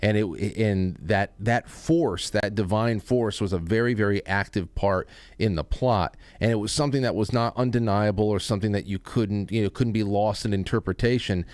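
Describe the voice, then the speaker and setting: Smooth-voiced rambling male host. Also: lowish voice, darkish tone, no room sound. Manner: rambling, halting, with many restarts. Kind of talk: casual chat.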